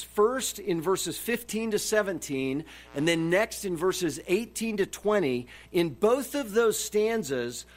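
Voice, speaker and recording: A man preaching a sermon, emphatic and repeating his key phrases for stress. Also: high-pitched. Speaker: pastor.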